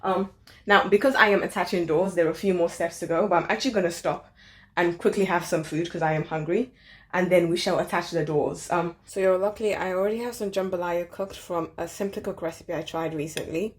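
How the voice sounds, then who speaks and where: A woman's voice: fairly low pitch, steady tone, fairly quick. A woman vlogging casually at home, chatty and informal as she explains furniture assembly and chats while eating. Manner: chatty, informal, lots of "literally" and "like". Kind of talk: casual how-to vlog chat. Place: home living room.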